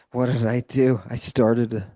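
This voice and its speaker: A man's voice: medium pitch, warm tone, no echo, clean studio sound. A man tutoring a student one-on-one through Greek vocabulary, explaining grammar at length and encouraging her. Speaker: Greek teacher. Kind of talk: live tutoring session.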